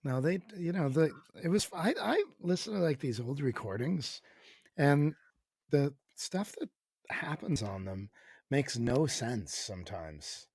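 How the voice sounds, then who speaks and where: A man from Canada with a gravelly, fry-laced voice, rambling through stories as a podcast guest. His pitch swings widely as he gets animated. The sound is close and dry. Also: unhurried, dry recording. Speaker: musician guest. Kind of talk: casual podcast chat.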